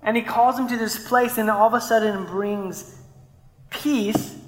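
A man preaches a sermon in an easygoing, conversational way, weaving in stories and tossing out quick asides to the room. His voice rings out with a long reverb, as in a large hall. The sound is roomy rather than close. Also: sits high, fairly even intonation. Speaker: pastor.

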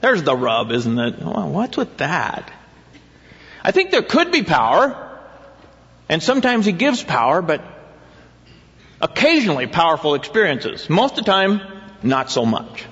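A man delivers a sermon in a conversational style, regularly questioning the congregation. His voice is a little high and a bit bright, very animated yet unhurried, with long pauses. The recording is dull, with long hall reverb.

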